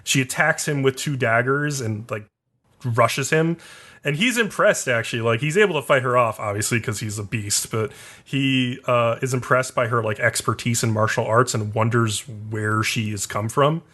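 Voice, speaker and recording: A man's voice: medium pitch, moderate pace, a bit bright. A man co-hosting a podcast, casually recapping an anime episode and leaning on lots of filler words. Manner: rambling, heavy on "like" fillers. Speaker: podcast co-host.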